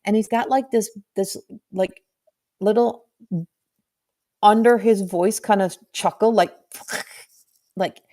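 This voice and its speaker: A woman's voice: mid-range voice, steady tone, mellow. A middle-aged woman speaks as a medium in a live reading, her voice in an ordinary middle range. She gropes for words, restarts sentences and fills gaps with "like" as she passes on what she senses. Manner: halting, searching, full of restarts and "like". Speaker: intuitive medium.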